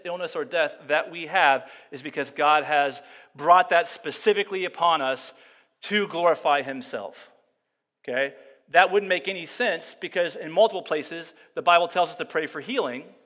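Bright-voiced male pastor preaching in a reverberant hall. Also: a little high. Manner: shifts between quiet, slow musing and loud, emphatic passages. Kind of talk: sermon.

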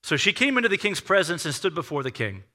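A man's voice: on the high side, quick pace. A man preaching a sermon in a conversational way, acting out quotes and questioning his own reading. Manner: animated, acts out quotes with shifting tone. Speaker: pastor.

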